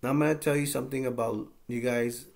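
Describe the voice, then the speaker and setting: A man's voice: mid-range voice, fairly even intonation, fast, vocal fry. A man casually recapping and reviewing a movie, rambling with lots of fillers and getting enthusiastic.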